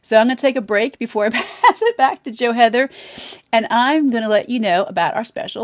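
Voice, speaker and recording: A woman's voice: fairly high pitch, lively intonation, brisk, no room sound. A woman co-hosting a Christian podcast, telling a heartfelt personal story of forgiveness and then reading a sponsor message. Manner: heartfelt, emotional, tearful at times. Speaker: podcast co-host. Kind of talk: faith testimony and sponsor read.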